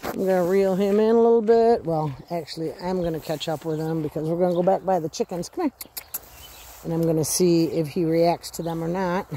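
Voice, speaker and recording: Mellow-voiced woman training a dog outdoors. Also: lowish voice, steady tone, a little fast, a little hiss or hum. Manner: chatty, breaks off to give short commands and praise to her dog. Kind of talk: casual training walkthrough. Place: outdoors in her yard near chickens.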